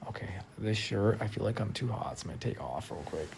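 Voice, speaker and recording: A tired man talking casually on a live stream from a friend's house, soft-spoken and trailing off with lots of fillers. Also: on the low side, expressive, fairly quick, vocal fry, in a whisper. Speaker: livestreamer.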